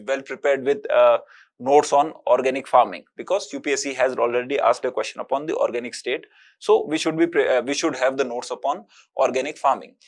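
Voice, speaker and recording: Man teaching with many fillers. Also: medium pitch. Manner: explanatory, many fillers like "uh, you know". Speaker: exam-prep teacher. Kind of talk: recorded lecture.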